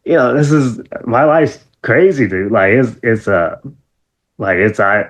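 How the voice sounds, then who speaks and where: A middle-aged man with an average pitch tells stories as an interview guest. He rambles with fillers and keeps leaping into high, excited outbursts. He laughs often between lines. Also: unhurried. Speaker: interview guest, former wrestler. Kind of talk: animated storytelling.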